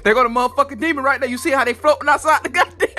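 A man's voice: very high-pitched, very fast, bright, forceful tone. A man hosting a podcast, talking straight to his listeners in a loose, profane, casual way. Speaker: podcast host. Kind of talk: casual comic storytelling.

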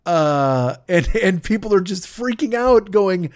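High-voiced man in a profane rant. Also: lively intonation, measured pace, a little mellow, no echo, studio quality. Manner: profane, sarcastic, exasperated. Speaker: podcast host. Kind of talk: ranting monologue.

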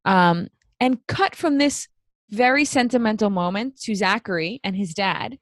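A woman's voice: medium pitch, unhurried, no echo. A woman co-hosting a casual chat show, recapping a story and acting out its quotes. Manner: animated, acts out quotes. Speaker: podcast co-host.

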